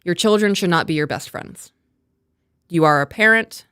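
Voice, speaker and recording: A woman's voice: lowish voice, normal speed, smooth, no room sound, clean studio sound. A woman co-hosting a live stream, casually breaking down a true-crime case and reading quotes aloud. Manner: reads quotes aloud, animated retelling. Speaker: podcast co-host.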